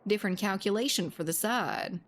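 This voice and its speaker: A woman's voice: mid-range voice, fairly quick, slight background noise. Laughing, swearing woman streamer. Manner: chatty, laughs often, swears freely, reads chat aloud. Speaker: game streamer chatting with viewers. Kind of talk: casual live-stream chat.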